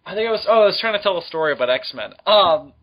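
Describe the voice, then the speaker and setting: Young guy podcast cohost, highish voice, keeps giggling and cursing, muffled lo-fi sound. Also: lively intonation, fast. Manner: giggly, swearing storyteller. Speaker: podcast co-host. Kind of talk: casual podcast chat. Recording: dull lo-fi podcast recording.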